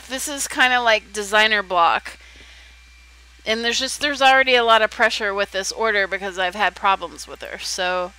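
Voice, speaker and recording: A woman's voice: mid-range voice, bright, forceful tone, clear, resonant tone, rough recording. A young woman chatting casually on a livestream while she works on a design, rambling and self-deprecating.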